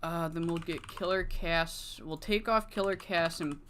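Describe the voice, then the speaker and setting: Low-voiced, foul-mouthed woman streamer. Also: a little slow, fairly bright tone, a little hiss or hum. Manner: profane, swinging from muttering to frustrated outbursts. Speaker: game streamer. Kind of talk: live-streamed gameplay commentary.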